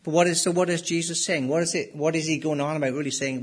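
Male pastor, husky and a touch high, emphatic sermon delivery. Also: fairly even intonation, fast talker, hardly any pauses. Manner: emphatic, rises and drops sharply for stress.

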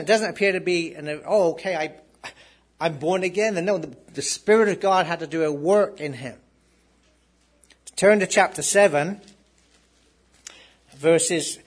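A man's voice: high-pitched, husky. A man preaching a sermon, reading scripture aloud and then talking it over, repeating words as he goes. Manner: swings from loud reading to soft asides, repeats words.

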